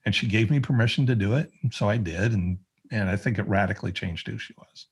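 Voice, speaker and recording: A man's voice: fairly low pitch, fast talker, noisy background. A man telling a personal story as a podcast guest, in a conversational way with many fillers and restarts. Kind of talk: casual storytelling.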